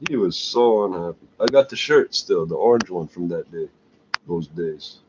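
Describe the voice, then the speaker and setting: A man's voice: deep voice, animated, moderate pace. Sardonic man ranting, lo-fi. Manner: crude, sardonic, scornful. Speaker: vlogger. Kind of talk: profane ranting monologue. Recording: dull lo-fi recording with faint hiss.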